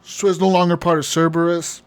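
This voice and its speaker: A man's voice: fairly high pitch, little pitch movement, a little fast, clean tone. A man co-hosting a podcast, telling a long story in casual chat, rambling and profane, often laughing. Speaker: podcast co-host.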